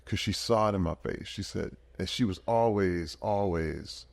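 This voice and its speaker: A man in his fifties with a lowish voice, talking as a podcast guest. He tells his story earnestly and with feeling, and his voice swings up high and gets louder when he gets animated. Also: moderate pace, creaky. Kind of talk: emotional personal storytelling.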